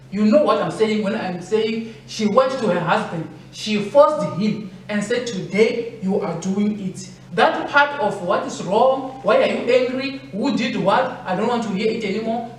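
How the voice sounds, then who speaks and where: A woman's voice: medium pitch, slight background noise. A woman preaching a sermon to women, earnest and repeating phrases for emphasis. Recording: echoey room from far off.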